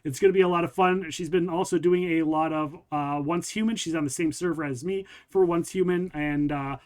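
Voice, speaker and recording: A man's voice: a little high, steady tone, a little fast. A man hosting a livestream and podcast, upbeat and promotional, speaking straight to viewers. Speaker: podcast and stream host. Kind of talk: casual livestream chat.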